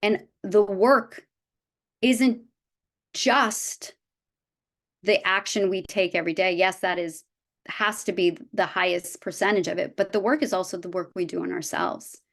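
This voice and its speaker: A woman in her fifties, speaking in a mid-range, creaky voice at a slightly slow pace, gives a heartfelt motivational talk to her business team before a live audience in an event room. She's earnest and frequently restarts her sentences.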